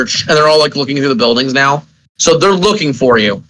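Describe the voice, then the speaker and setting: A man's voice: mid-range voice, expressive, bright, forceful tone, slight background noise, rough recording. A man narrating a tabletop game as game master, describing scenes in a rambling way full of fillers and restarts. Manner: rambling, halting with many fillers.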